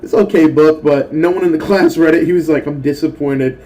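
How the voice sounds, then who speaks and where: A young adult man hosting a mobile game channel, telling profane, animated stories in casual gaming commentary. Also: a little high, fast. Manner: profane, animated storytelling rant.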